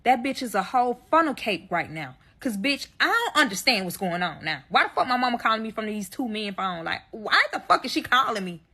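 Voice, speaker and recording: A woman with a husky, breathy edge in her voice tells a wild personal story straight to her viewers. Her tone is bright and sharp, and her pitch sits a little high. She swears freely and piles on dramatic emphasis. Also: big pitch swings, brisk, few pauses. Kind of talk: storytime vlog.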